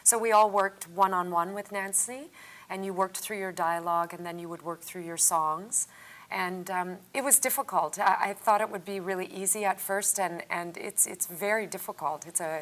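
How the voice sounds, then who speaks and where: A woman's voice: lowish voice, moderate pace, a bit bright. A woman stage actor answering audience questions in a casual panel, chatty with frequent fillers.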